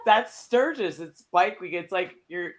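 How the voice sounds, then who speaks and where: A woman hosting a casual talk show, chatting in a relaxed way. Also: on the low side, unhurried. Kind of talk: casual chat. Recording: noisy recording with clicks.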